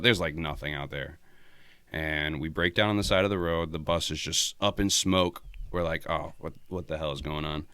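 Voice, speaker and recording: Chill low-voiced dude swearing through a story, smooth voice, dry close mic. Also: male voice, fairly bright tone, no echo. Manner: laid-back, swears a lot, laughs often. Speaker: podcast guest. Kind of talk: casual storytelling chat.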